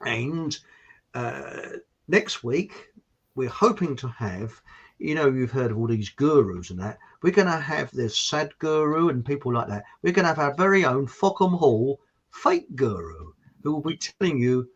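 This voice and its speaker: A man's voice: medium pitch, big pitch swings, a little slow, slightly rough, lo-fi sound. A man from Hertfordshire with an estuary English accent, hosting a casual chat show and rambling cheerfully. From Hertfordshire, England. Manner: chatty, rambling, laughing often. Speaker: host.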